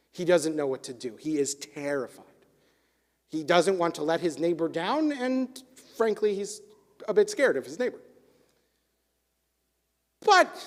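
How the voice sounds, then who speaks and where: High-voiced man telling a sermon story. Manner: warm, measured storytelling that softens toward a hushed close. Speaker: clergy leading a service. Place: synagogue chapel. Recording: long hall reverb in a chapel.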